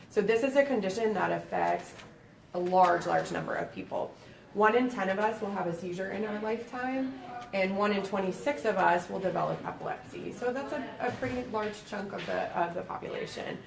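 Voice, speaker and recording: Woman with a Boston accent, gravelly edge, nurse giving a talk, distant mic, echoey room with faint noise. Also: on the low side. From Boston, USA. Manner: friendly, explanatory, with frequent "um". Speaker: pediatric epilepsy nurse presenter. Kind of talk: educational presentation. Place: library meeting room.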